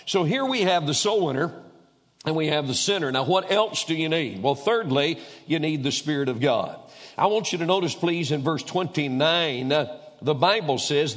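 A man's voice: fairly high pitch, lively intonation, moderate pace, a bit bright. A man preaching a sermon in a church, telling a story with quoted dialogue and repeating his key points for emphasis. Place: church sanctuary. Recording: long reverb of a large hall.

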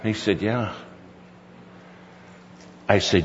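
A man's voice: fairly low pitch, big pitch swings, extremely slow, long pauses. A middle-aged male pastor telling a folksy story in a sermon, quoting his son at length. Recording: dull recording with hall reverb.

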